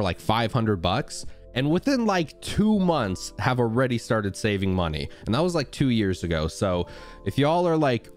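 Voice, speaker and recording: A man streaming live and chatting casually with his viewers, upbeat and greeting them by name, with his voice cracking today. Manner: upbeat, greets viewers by name with excited high-pitched jumps.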